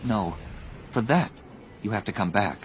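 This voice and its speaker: A man's voice: on the high side, huge pitch swings, measured pace, background noise, voice pushed up. A man voicing a young human woman, a fierce and loyal Jedi, with an urgent, raised delivery. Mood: tender.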